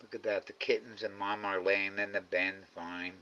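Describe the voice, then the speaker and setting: A man's voice: on the low side, little pitch movement, moderate pace, sharp tone, highs cut off, a little hiss or hum. A man hosting a live animal camera stream from indoors at night by a window. He coaxes an animal in a raised sing-song voice and mutters to himself between calls. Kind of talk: casual live-stream commentary.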